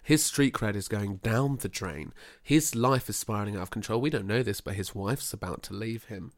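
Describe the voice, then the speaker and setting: A man's voice: lowish voice, moderate pace. Brit guy rambling on, storytelling, just chatting. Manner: rambling, laughs while spinning stories. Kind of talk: casual comedic chat.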